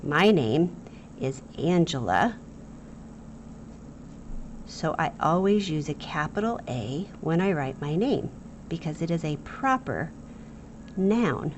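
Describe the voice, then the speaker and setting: Lively, playful woman teacher, low voice. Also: slow, long pauses, dull audio, a little hiss or hum. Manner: playful, jokey, talks straight to the pupils. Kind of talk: recorded grammar lesson for children.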